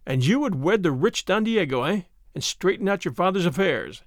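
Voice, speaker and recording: A man's voice: high-pitched, lively intonation, moderate pace, no room sound, clean studio sound. A man reading a storybook, voicing an arrogant, bullying army captain with a mocking, sneering manner.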